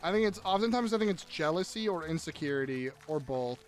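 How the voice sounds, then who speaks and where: A young man live-streaming a game, chatting casually with viewers in a profane, animated way, ranting and restarting his sentences. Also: a little high, fairly quick, slight background noise. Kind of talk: casual live-stream chat while gaming.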